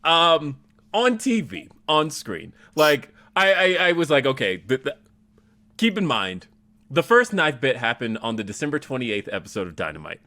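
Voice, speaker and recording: A man's voice: mid-range voice, normal speed. A man hosting a podcast, telling stories in a casual chat with lots of animation and laughter. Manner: animated storytelling with frequent laughter. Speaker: podcast host.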